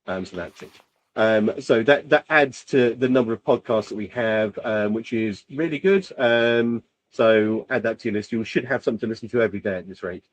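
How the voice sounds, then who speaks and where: Another British co-host rambles through casual podcast talk, his speech thick with fillers. He has a medium-pitched voice, speaks a little fast, and the sound is lo-fi.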